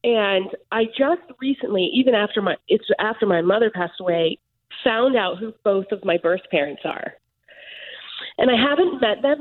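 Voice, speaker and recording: A woman calling in for a reading, speaking haltingly and tearfully, deeply grateful. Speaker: caller receiving a reading. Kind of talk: emotional phone conversation. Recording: tinny phone line.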